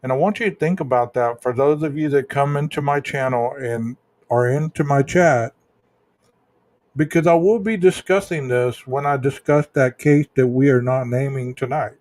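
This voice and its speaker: A man's voice: mid-range voice, normal speed, a little mellow, dry recording. A man hosting a true-crime livestream, chatting casually with viewers in chat, rambling with fillers and restarts.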